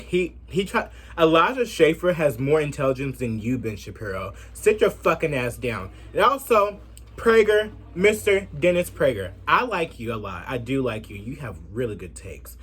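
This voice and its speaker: A man giving a brash, profane commentary rant in a sassy, animated way. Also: medium pitch, slightly rough. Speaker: commentary vlogger.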